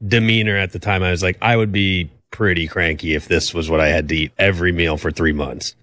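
A man's voice: low-pitched, fairly even intonation, a little fast, fairly bright tone, no echo. A man who is a regular on the show, chatting casually with dry, wry humor. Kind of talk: casual chat.

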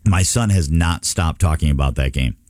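Low voice radio guy, dry studio sound, earnest rambling chat. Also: normal speed, darkish tone, no room sound. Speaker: radio show host. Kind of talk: casual radio banter.

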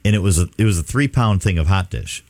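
A man co-hosting a radio show, chatting casually and telling rambling, animated stories. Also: low voice, fast, dry recording. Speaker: radio co-host. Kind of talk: casual chat.

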